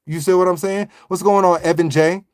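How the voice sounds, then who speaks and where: A man hosting a livestream, chatting casually in a rambling, slangy, animated way and greeting viewers. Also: high voice, fairly quick. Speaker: livestream host. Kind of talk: casual live chat.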